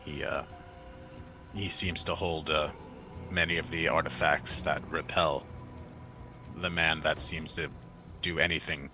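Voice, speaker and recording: A man playing a tabletop game, speaking haltingly with fillers. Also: a bass voice, steady tone, over music. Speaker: player.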